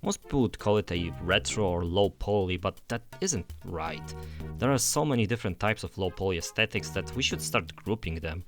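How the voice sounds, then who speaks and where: A man's voice: deep voice, animated, normal speed, faint music behind. A young man narrating a scripted game review voice-over in an enthusiastic, conversational way.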